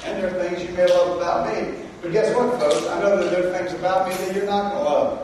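A male pastor preaching a sermon, swinging between loud emphasis and quiet intensity. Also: high-pitched, steady tone, fairly quick, slight background noise. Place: large church hall. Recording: echoey hall from far off.

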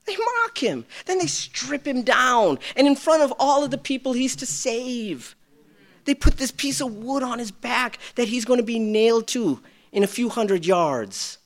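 A middle-aged man preaching a sermon, swinging between loud bursts and hushed lines, with self-deprecating humor. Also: extremely high pitch, a little slow. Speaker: pastor.

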